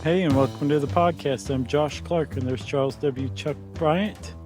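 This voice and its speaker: A man co-hosting a podcast in casual chat, relaxed and joking, thinking aloud with fillers. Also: a little high, moderate pace, over loud music. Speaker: podcast co-host.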